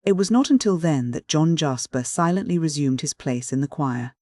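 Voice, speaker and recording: A man reading an audiobook in measured, even storytelling. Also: fairly high pitch, dry recording, clean studio sound. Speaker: audiobook narrator. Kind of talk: scripted audiobook narration.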